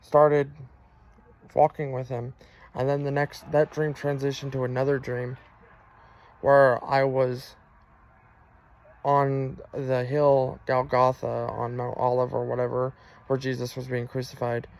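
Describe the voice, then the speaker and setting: Gravelly man telling a personal testimony. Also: mid-range voice, monotone, a little mellow. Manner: earnest, halting, with frequent fillers and restarts. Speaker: person sharing a religious testimony.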